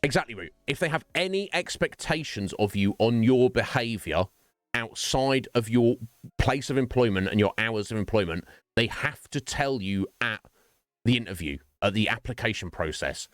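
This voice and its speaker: Lively rambling male streamer. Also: lowish voice, moderate pace, dry recording, soft background music. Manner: rambling, animated, laughs often. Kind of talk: casual livestream chat.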